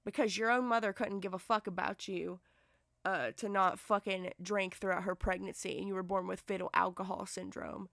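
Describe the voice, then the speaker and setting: Young woman, vlog rant, furious and profane, halting restarts, dry recording. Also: medium pitch, steady tone, gravelly, a bit bright, dry recording. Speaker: commentary vlogger. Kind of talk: angry ranting commentary.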